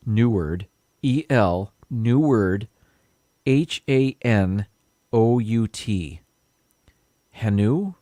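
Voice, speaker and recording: A man's voice: mid-range voice, a little mellow, no room sound, clean studio sound. A man hosting a casual live stream, rambling a little as he reads viewer comments and stumbles over unfamiliar words.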